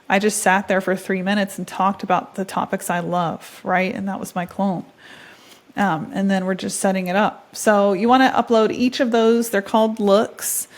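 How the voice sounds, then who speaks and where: A woman in her thirties hosting a casual screen-share tutorial, chatty and upbeat, thinking aloud as she clicks through steps. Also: mid-range voice. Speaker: tutorial host.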